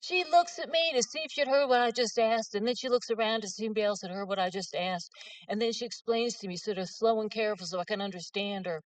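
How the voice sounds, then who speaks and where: A woman's voice: mid-range voice, fast talker, no room sound, distant mic. Middle-aged woman, author at a lectern, folksy and self-mocking, voice dry and a bit off-mic. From West Virginia. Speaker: author giving a talk. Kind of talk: humorous storytelling talk.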